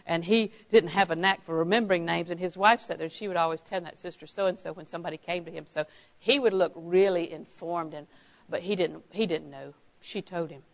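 A woman's voice: on the low side, fairly quick, creaky, low-quality recording. Woman preacher mid-sermon, earnest and storytelling, repeating lines for emphasis. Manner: emphatic, repeats key phrases; tells anecdotes with a chuckle.

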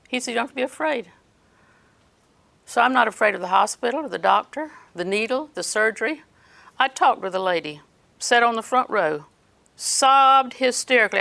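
Older woman, gravelly voice, earnest sermon, scripture quotes. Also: mid-range voice, bright, forceful tone. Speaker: preacher.

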